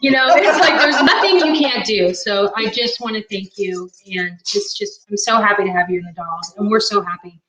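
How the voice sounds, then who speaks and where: A woman's voice: medium pitch, normal speed, few pauses, fairly bright tone. A woman co-hosting a live baking stream, bubbly and sentimental, talking to viewers and the host. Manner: bubbly, sentimental, reads chat aloud. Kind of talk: casual live-stream chat. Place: home kitchen. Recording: echoey kitchen room.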